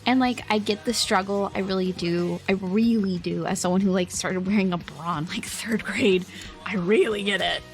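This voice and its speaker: A woman's voice: mid-range voice, moderate pace, faint music behind. A young woman streaming, telling a long family story in a rambling, giggly way, peppering every phrase with "like". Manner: rambling, giggly, heavy use of "like". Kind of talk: casual storytelling to a live chat.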